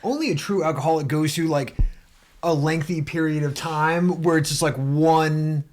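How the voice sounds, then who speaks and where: A man's voice: fairly high pitch, fairly even intonation, normal speed, darkish tone, slight background noise. A man co-hosting a podcast, asking blunt questions and joking. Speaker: podcast co-host. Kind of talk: casual interview chat.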